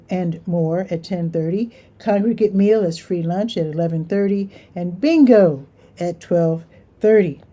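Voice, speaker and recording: A woman's voice: mid-range voice, warm tone. A woman hosting a casual community events rundown, chatting her way through a schedule with offhand asides.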